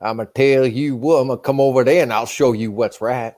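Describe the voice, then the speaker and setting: A man's voice: mid-range voice, fairly even intonation, brisk, darkish tone, voice pushed down, natural voice. A man voicing a cocky Texan man, with an exaggerated mocking drawl put on in a Texan accent. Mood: teasing.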